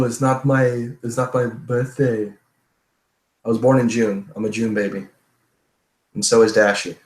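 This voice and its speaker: A man's voice: fairly low pitch, reverberant, low-quality recording. A man streamer answering viewer questions in a loose, profane, chatty way. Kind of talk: casual livestream Q&A.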